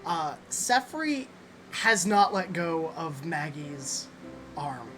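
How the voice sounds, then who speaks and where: A woman's voice: deep voice, big pitch swings, slow, fairly bright tone, faint music behind. A woman playing in a tabletop game stream, upbeat, with short replies. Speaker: player. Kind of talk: casual tabletop play.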